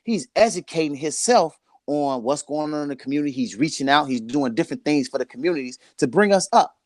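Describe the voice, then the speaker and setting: A man's voice: fairly high pitch, expressive, fairly quick, no room sound, studio quality. A man in his forties talking candidly and earnestly about his life, getting emotional and repeating phrases for emphasis. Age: 40s. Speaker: guest sharing his life story. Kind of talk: candid conversation.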